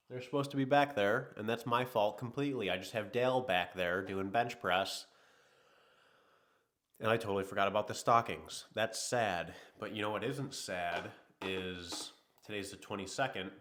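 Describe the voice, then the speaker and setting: A man hosting a livestream chats casually while a little sick, rambling in an easygoing way and talking to his chat. His voice sits on the low side and is a bit bright.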